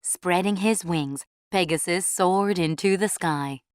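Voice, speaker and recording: A woman reading a storybook aloud in a clear, measured way for English learners. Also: fairly low pitch.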